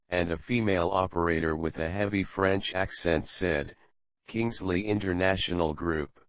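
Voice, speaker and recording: A man narrating an audiobook with a very deep voice, slow and steady. Each line is measured and even. The recording is dry and muffled, with a lo-fi dullness. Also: no echo. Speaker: audiobook reader. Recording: dull lo-fi audiobook.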